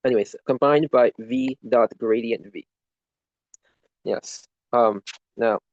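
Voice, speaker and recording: A man's voice: medium pitch, slow pace, dry recording. Young man, casual study walkthrough, rambling and self-deprecating, dull close recording. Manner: rambling, self-deprecating, swears at his tablet. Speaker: student reviewing for an exam.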